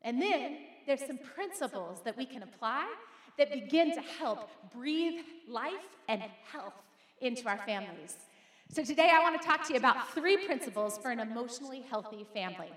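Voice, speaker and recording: A middle-aged woman pastor preaching a lively sermon to her congregation and calling on them to repeat her words. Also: high-pitched, normal speed. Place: church sanctuary. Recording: echoey hall.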